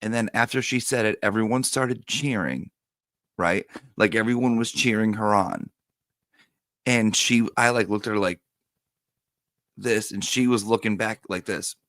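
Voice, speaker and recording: Gravelly-voiced man chatting on a livestream. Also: lowish voice, unhurried, long pauses, no echo. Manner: animated storyteller, reads viewer comments aloud. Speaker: live stream host. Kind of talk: casual livestream chat.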